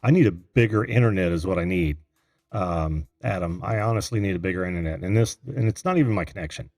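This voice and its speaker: A middle-aged man hosting a live call-in show, chatting and reading viewer comments, easily flustered and quick to laugh. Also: deep voice, darkish tone, dry recording, studio quality.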